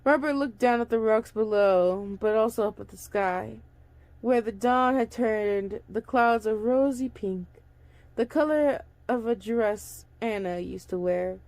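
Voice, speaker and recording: A woman's voice: fairly high pitch, a little slow, darkish tone, no room sound. Chatty young woman reading a book aloud. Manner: chatty asides, restarts and slips while reading. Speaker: audiobook reader. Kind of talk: casual book reading with commentary.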